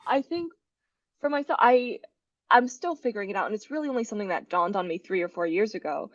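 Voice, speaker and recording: A woman's voice: mid-range voice, animated, fast talker, dry recording, muffled recording. Chatty woman telling family stories. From United States. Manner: chatty, laughs often while telling stories. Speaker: guest. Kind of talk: casual podcast chat.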